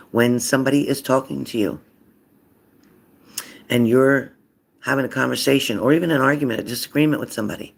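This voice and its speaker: A man giving a casual card reading, acting out loud quotes and dropping into whispers. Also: mid-range voice, creaky. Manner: animated, acts out loud and whispered voices. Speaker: psychic card reader.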